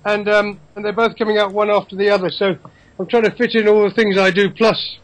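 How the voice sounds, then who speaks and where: Chatty high-voiced man on a video call. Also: level tone, no room sound, rough recording. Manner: chatty, opinionated, quick asides. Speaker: football commentator guest. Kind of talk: casual chat over video call.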